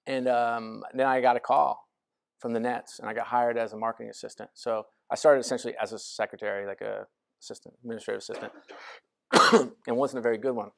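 Man, 40s, gravelly, mid-pitched, casual storyteller with many fillers. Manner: casual, self-deprecating, lots of fillers. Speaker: guest speaker. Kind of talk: storytelling lecture talk. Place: lecture hall.

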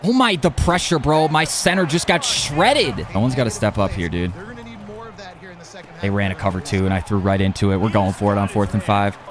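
Excitable young man yelling at his game. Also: fairly low pitch, moderate pace, a crowd in the background. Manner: excitable, talks to himself, yells at plays. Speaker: gaming YouTuber. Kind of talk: live gameplay commentary.

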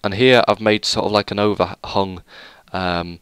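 A man's voice: on the low side, steady tone, normal speed, a bit bright, clear, resonant tone, no room sound. A young man giving a rambling, self-deprecating tour of a game world, full of hesitant fillers. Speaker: gaming YouTuber. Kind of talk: casual let's play commentary.

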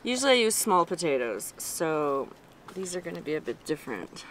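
A woman's voice: fairly low pitch, sing-song, normal speed, a bit bright. A woman from Canada with a French accent, chatting cheerfully as a guest in a travel vlog. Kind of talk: casual chat. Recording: noisy outdoor camera audio.

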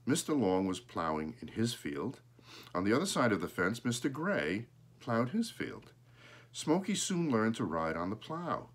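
Lively low-voiced man reading a storybook. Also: slightly rough. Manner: animated, pausing to point at pictures. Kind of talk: reading a children's book aloud.

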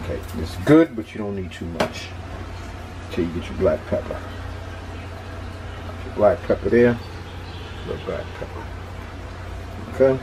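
A man's voice: on the low side, expressive, a little slow, long pauses, background noise. A man with a Philadelphia accent, talking casually and repeating himself as he cooks on his own video. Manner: laid-back, chatty, repeats himself. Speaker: cooking vlogger. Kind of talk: casual cooking vlog.

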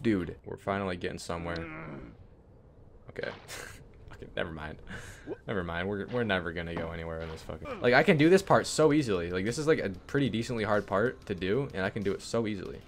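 A young man giving casual gameplay commentary, swearing and swinging between yelling and low mumbling. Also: big pitch swings, normal speed. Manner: swears and insults the game. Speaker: gaming YouTuber.

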